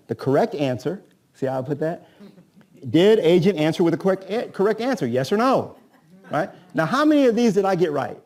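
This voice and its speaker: Coaching man with a mellow, higher voice. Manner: rhetorical, keeps asking "right?"; acts out agent-seller dialogues. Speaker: real estate coach. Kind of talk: live seminar teaching.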